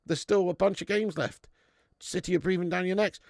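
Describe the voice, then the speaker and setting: A man in his thirties hosts a live football watch-along, joking with chat viewers and swearing casually. His voice is high with fairly even intonation and a slightly fast pace. The sound is clean studio quality with no room echo.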